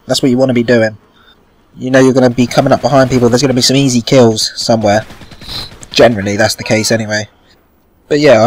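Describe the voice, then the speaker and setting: A man's voice: medium pitch, no echo. A man giving casual gameplay commentary, rambling and chatty and swearing now and then. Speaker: gaming channel host.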